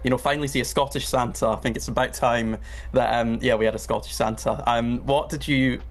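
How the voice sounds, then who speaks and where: A man's voice: mid-range voice, steady tone, a little fast, soft background music. A male interviewer asking questions in a casual, hesitant way, with frequent ums and restarts.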